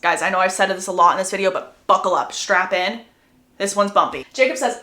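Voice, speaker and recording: A woman's voice: mid-range voice, fairly quick, sharp tone. A woman casually recapping a story, chatty, with gossipy asides. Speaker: book recap creator. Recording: roomy echo.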